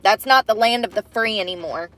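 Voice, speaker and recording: A woman's voice: mid-range voice, fairly quick, a bit bright. A young woman venting and swearing to her phone camera from inside a parked car during rain. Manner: frustrated, swearing, ranting. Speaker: vlogger living in her car. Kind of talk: venting vlog.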